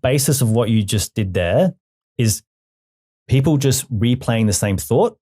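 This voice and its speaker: A man who trains hypnotherapists, talking as a podcast guest. He explains ideas patiently and leans on humor. His voice sits at a middle pitch and sounds mellow and warm. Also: lively intonation, measured pace, slightly rough. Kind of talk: casual interview.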